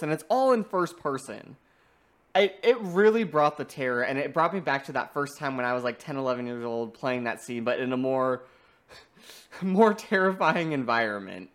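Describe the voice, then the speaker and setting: A young man chatting casually about video games, animated and often breaking into laughter. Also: a little high.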